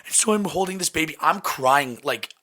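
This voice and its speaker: A young man hosting a podcast, telling a story in a casual, animated way, swearing and laughing often. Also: fairly high pitch, normal speed. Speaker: podcast host.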